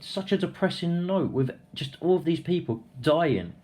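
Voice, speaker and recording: A man's voice: a little high, animated, moderate pace, darkish tone. A young man casually recapping a film, rambling, swearing freely and acting out the scenes. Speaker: film reviewer.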